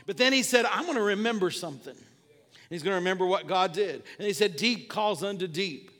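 A male pastor preaching a sermon with passion, repeating refrains and building up to shouts. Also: high-pitched, expressive, fairly quick, in a large hall. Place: church sanctuary.

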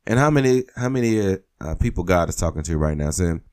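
Male preacher, somewhat low voice, delivers an exhortative sermon with emphatic repetition. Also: expressive, quick pace, darkish tone. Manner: exhortative, repeats phrases for emphasis.

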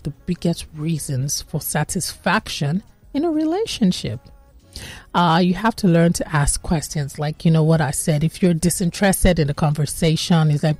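A woman with a Nigerian English accent talks through relationship advice in a relaxed, chatty way. Her voice is mellow and warm, and the sound is close and dry. She keeps slipping into playful voices to act out quoted bits of dialogue. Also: sits low, moderate pace, no room sound. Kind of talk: casual advice talk.

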